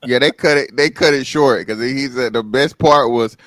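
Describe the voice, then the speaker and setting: A man hosts a show and jokes his way through a reaction in relaxed slang. His voice sits at an ordinary pitch, recorded close with a dry sound. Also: normal speed, no room sound. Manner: joking, slangy, calls everyone man. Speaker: show host. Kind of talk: casual chat reacting to a clip.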